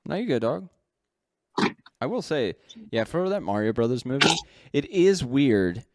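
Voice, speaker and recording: A man's voice: medium pitch, big pitch swings, a little slow, background noise. A man co-hosting a podcast in casual chat, rambling and correcting himself as he talks. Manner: rambling, self-correcting, laughs often. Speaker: podcast co-host.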